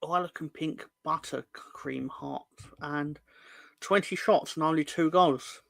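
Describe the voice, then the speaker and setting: A man's voice: a little high, takes it slowly, creaky, fairly bright tone, no room sound. A young man hosting a fan channel live stream, bantering with the chat in a rambling, jokey, sweary way.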